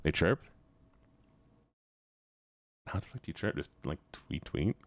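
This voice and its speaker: A man's voice: a bass voice, very animated, measured pace, no echo. A man streaming live, chatting casually in a rambling, jokey, profane and scattered way.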